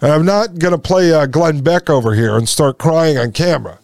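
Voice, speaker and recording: Fired-up guy ranting to his folks, slightly high voice, dead dry sound. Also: moderate pace, a little mellow, no echo. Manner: indignant, repeats lines, addresses listeners as folks. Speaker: podcast host. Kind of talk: impassioned commentary.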